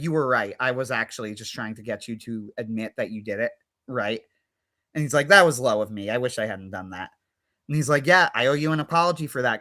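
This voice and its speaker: A man's voice: fairly high pitch, sharp tone. A man co-hosting a livestream, chatting casually and retelling scenes with lots of "like" and quoted back-and-forth dialogue. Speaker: livestream co-host. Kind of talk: casual chat.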